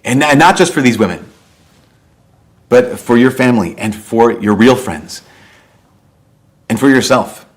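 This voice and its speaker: A man's voice: medium pitch, lively intonation, measured pace, pauses often. A man, a priest, giving a sermon in a conversational storytelling way, with repeated rhetorical questions.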